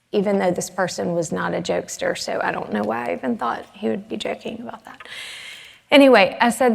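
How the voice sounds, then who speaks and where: Earnest middle-aged woman, gravelly edge. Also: medium pitch, long reverb tail. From American South. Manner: earnest, measured, emotional retelling. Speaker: conference speaker. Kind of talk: personal storytelling talk. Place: conference stage in a large hall.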